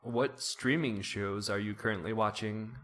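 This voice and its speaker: A man's voice: on the low side, fairly even intonation, a little slow, a bit bright. A man interviewing casually, asking questions and tossing in dry, teasing one-liners. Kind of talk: casual conversation.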